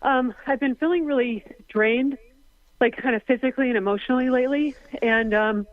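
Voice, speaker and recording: A woman's voice: high voice, fairly quick, no room sound. Breathless woman caller, muffled phone line. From Seattle area. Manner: polite, hesitant. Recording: dull dry phone line.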